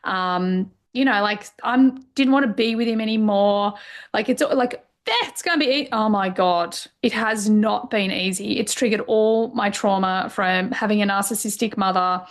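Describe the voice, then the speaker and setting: A woman's voice: medium pitch, moderate pace. A middle-aged woman coach, a podcast guest, sharing personal stories openly and emotionally, with lots of fillers. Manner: open and emotional, many fillers. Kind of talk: candid personal conversation.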